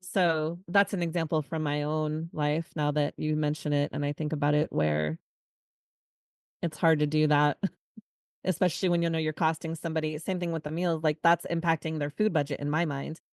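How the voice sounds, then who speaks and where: Low-voiced woman telling a story. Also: creaky, clean tone, no room sound, clean studio sound. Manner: animated storytelling, quick asides. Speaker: podcast co-host. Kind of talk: casual conversation.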